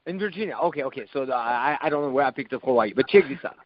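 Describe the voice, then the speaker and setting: A man hosting a podcast, explaining ideas in a deliberate, measured teaching style with the occasional swear word. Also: mid-range voice, lively intonation, lo-fi sound. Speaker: podcast host and coach.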